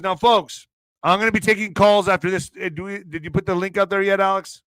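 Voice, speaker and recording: Brief: man, show host, bright and crisp, dry close sound, joking, profane, emphatic. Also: high-pitched, fairly even intonation, fairly quick, no room sound. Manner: joking and profane, laughs often; loud bursts of emphasis. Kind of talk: casual news commentary.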